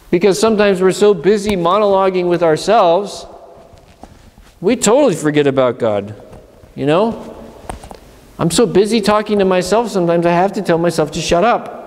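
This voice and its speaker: A man's voice: high voice, a little mellow, long reverb tail. A man, an abbot from Pennsylvania, giving a conversational sermon at a retreat and acting out inner voices. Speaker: monastery abbot. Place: church.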